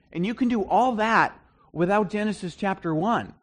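A middle-aged pastor with a voice that sits high preaches at a moderate pace to a congregation in a church hall. His sermon has a conversational, teaching feel, turning animated and emphatic at points.

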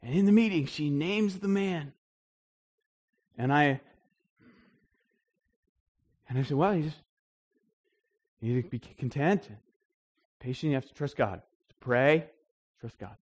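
A man preaching a sermon in a conversational, animated storytelling way, with frequent restarts. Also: fairly high pitch, slow pace, long pauses. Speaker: pastor.

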